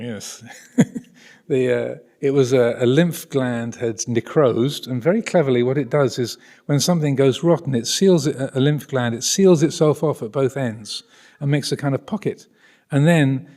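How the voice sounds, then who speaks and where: An Englishman in a mid-pitched voice tells a long personal story to an audience. He rambles and hesitates, circling back with restarts and chuckling now and then. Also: darkish tone. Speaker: speaker addressing an audience. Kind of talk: anecdotal spiritual talk.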